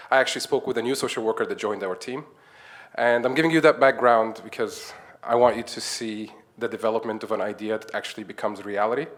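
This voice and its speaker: A man with a low voice talks through a conference presentation as a run of anecdotes. He is chatty and laughs easily, and he slips into the voices of the people he quotes. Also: a bit bright. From Egypt. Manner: chatty, acts out quoted dialogue, chuckles often. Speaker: conference speaker, nonprofit founder. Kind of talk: conference talk, anecdotal storytelling.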